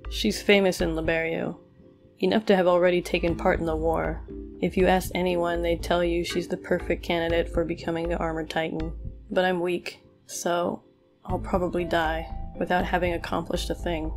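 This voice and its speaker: A woman's voice: on the low side, flat delivery, normal speed, music in the background, lightly acted. A woman reading the lines of a timid young boy cadet, plain and downcast.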